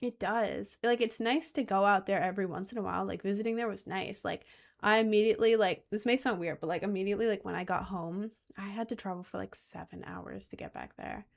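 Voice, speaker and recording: A woman's voice: medium pitch, fairly quick, vocal fry. A young woman streamer chatting casually in a rambling way, with lots of fillers. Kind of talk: casual chat.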